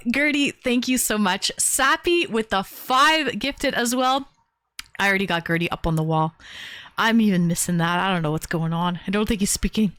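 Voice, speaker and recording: A woman's voice: a little high, a bit bright, dry recording. A woman hosting a livestream call-in, talking in a bubbly, chatty way with lots of fillers. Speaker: streamer host. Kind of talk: casual livestream chat.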